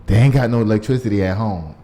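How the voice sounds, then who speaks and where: A man's voice: lowish voice, fast. A man hosting a casual news show, reading stories and riffing on them with lots of laughter. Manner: animated, laughing, riffs on stories.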